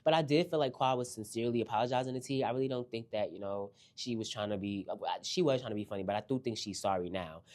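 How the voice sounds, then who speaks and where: A man hosting a casual reality TV recap, animated and slangy, talking straight to his viewers. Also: mid-range voice, fast, hardly any pauses.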